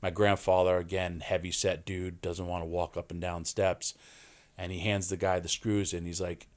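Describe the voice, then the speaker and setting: A man, a podcast guest telling animated stories and acting out quoted voices. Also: low-pitched, moderate pace. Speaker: wrestling guest. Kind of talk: storytelling in a podcast interview.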